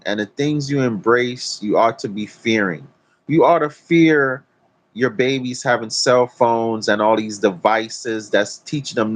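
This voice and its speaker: Profane, preachy man ranting outdoors. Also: mid-range voice. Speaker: vlogger. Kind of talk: blunt talk-to-camera rant. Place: outdoors in nature.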